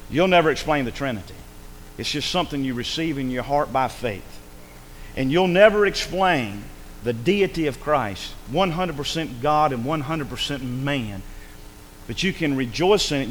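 A man preaching a sermon, swinging between loud calls and hushed asides. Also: medium pitch, long reverb tail, a little hiss or hum. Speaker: pastor. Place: church sanctuary.

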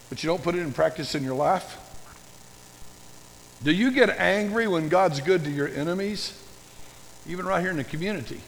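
High, gravelly older preacher. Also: male voice, long reverb tail, slight background noise, low-quality recording. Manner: folksy, humorous, animated storytelling. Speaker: pastor. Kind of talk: sermon.

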